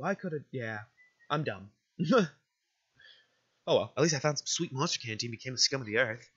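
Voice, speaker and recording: A man's voice: on the high side, animated, normal speed, a bit bright, husky, highs cut off. A man giving casual, jokey, profane commentary while playing a video game. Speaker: let's play gamer.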